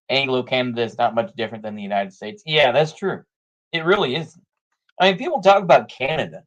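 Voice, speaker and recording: A man talking casually in rambling political commentary, full of "you know" fillers and frequent laughs. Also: mid-range voice.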